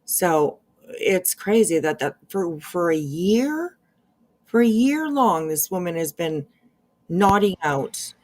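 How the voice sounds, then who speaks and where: A woman's voice: lowish voice, sing-song, takes it slowly, darkish tone. A woman hosting a casual commentary stream, chatty and agreeable, with many fillers and restarts. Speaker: commentary channel host.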